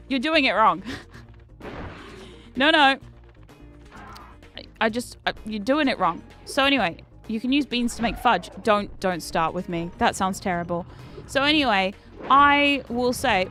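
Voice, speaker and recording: At a normal speed, a young woman born in Britain streams a game as a VTuber host, keeping up a chatty, sweary commentary punctuated by frustrated shouting. Her slightly high voice is expressive, with soft background music underneath.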